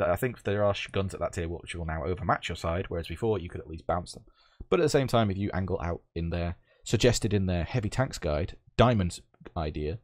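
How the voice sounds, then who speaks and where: Male gaming host, low-ish voice with big swings, dry close sound, sarcastic and sweary. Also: no echo. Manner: sarcastic, swears freely, rambles with self-corrections. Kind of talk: casual sarcastic game commentary.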